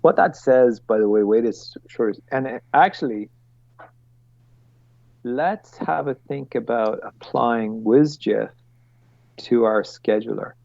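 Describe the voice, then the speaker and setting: A man with a gravelly edge walks his team through planning on a video call. He talks bluntly and swears freely, often rambling off on a rant. The sound is dull, lo-fi call audio with a dry, close feel. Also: mid-range voice, slow, long pauses, darkish tone, no echo. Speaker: product owner leading a team meeting. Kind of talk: casual meeting explanation. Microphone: computer mic on a video call.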